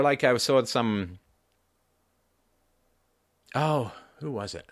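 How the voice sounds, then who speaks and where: A man in his fifties hosting a solo livestream, talking in a lively way and jumping up in pitch for emphasis and mock voices. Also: drawn-out words, pauses often, dry recording, studio quality. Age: 50s. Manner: rhetorical repeats, asks "right?". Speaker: livestream host. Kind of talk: solo political commentary.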